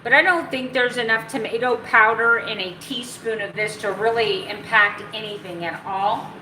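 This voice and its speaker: A woman's voice: a little high, moderate pace, bright, forceful tone, slight background noise. A woman casually chatting in a home vlog, bubbly and talkative, breaking into baby talk for her dogs. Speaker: keto vlogger. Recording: echoey room, mic at a distance.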